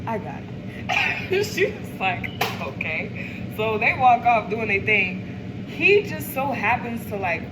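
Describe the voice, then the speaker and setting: A woman vlogger telling a story in a casual, animated, profane, streetwise way. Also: on the high side, unhurried, very noisy.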